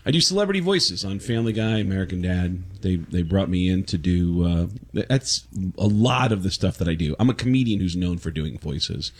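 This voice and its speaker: A comedian man telling animated stories as a guest in a casual interview. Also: low voice, normal speed, few pauses. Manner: animated, lively storyteller.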